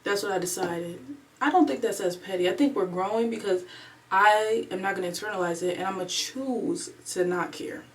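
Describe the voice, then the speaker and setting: A woman in her twenties, chatting alone at home in a casual storytime vlog, animated and replaying her own thoughts aloud. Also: mid-range voice, fairly quick, far from the mic. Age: 20s. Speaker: vlogger. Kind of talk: casual storytime chat to camera.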